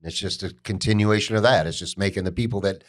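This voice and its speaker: A man co-hosting a podcast, talking bluntly with plenty of swearing and quick agreement. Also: fairly low pitch. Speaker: podcast co-host. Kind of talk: casual chat.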